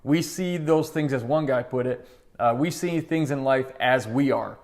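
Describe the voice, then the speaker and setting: A middle-aged man tells a personal story as a spoken monologue, earnest and conversational. He slips into short quoted voices as he retells it. His voice sits at an ordinary middle pitch. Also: moderate pace, darkish tone. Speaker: motivational speaker.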